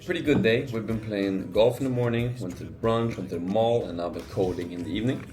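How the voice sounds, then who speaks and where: A man's voice: lowish voice, fairly quick, darkish tone. A man in his twenties vlogging casually, rambling with fillers and restarts. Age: 20s. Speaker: entrepreneur vlogger. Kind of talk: casual vlog narration.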